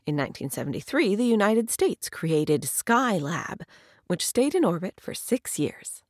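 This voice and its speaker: A woman reading picture books and simple nonfiction aloud for children, her sing-song voice swinging widely in pitch. She takes her time over every phrase. The recording is close and dry. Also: unhurried, no echo. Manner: sing-song, expressive storytelling. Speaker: narrator. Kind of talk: children's book read-aloud.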